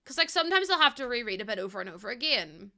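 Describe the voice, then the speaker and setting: A woman's voice: a little high, very animated, racing, creaky, pushed and bright. A young woman streaming a game, chatting casually and giggling through rambling stories. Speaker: live streamer. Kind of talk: casual chat while gaming.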